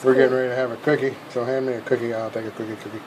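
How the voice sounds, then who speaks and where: Easygoing dad in a home kitchen. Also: male voice, medium pitch, little pitch movement, very fast, background noise. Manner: easygoing, homely folksy talk. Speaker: dad co-hosting a home cooking video. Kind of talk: casual home cooking vlog.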